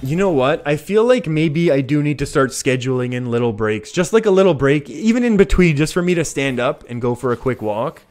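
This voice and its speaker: A man's voice: a little high, lively intonation, fairly quick, few pauses, a little mellow. Chatty Canadian man streaming a card game. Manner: chatty, laughs often, reads out chat. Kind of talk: live gameplay commentary. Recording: faint music behind.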